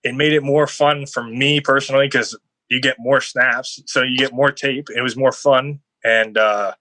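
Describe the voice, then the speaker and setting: Bright, chatty young man. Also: medium pitch, normal speed, no echo, rough recording. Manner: rambling, heavy on "like" fillers, animated storytelling. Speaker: guest football player. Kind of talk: casual podcast interview.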